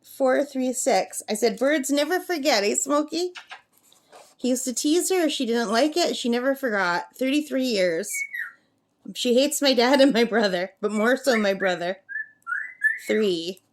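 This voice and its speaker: A middle-aged woman, a craft vlogger at a campsite, chats casually while she crafts, reading out number codes and cooing at her pet bird. Her voice is a little high, animated, and a little slow.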